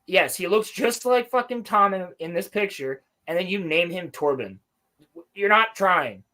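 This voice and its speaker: A man co-hosting a podcast, recapping a show in casual chat, animated and swearing often. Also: high voice, measured pace. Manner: animated, swears a lot, mimics characters. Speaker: podcast co-host.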